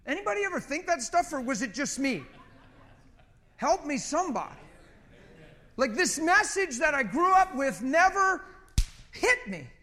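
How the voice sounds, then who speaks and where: A middle-aged man preaching, telling a personal story in an animated way and often repeating words. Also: very high-pitched, measured pace, pauses often. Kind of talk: sermon.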